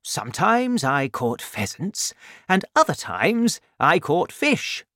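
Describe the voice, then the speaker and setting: A man voicing a kind village doctor over seventy for a storybook, who gets loud and worked up when outraged. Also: on the high side, slow, dry recording, clean studio sound, pitched above the performer's own voice, exaggerated voice. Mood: kindly. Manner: excitable, raises voice when outraged.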